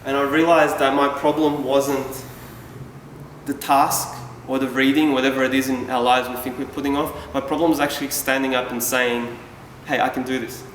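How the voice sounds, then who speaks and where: A man's voice: medium pitch, little pitch movement, moderate pace, a little hiss or hum. A man from Yugoslavia telling a personal story to a live audience, speaking candidly and casually with self-deprecating asides. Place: event hall. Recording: echoey hall from far off.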